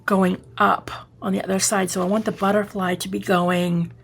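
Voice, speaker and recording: Boston-accented woman, craft-tutorial host, a bit of gravel in her voice, rambles and self-corrects as she works. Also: mid-range voice, little pitch movement, moderate pace, slight background noise. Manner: chatty, rambling, self-correcting, often checking the viewer follows. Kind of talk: casual step-by-step crafting tutorial.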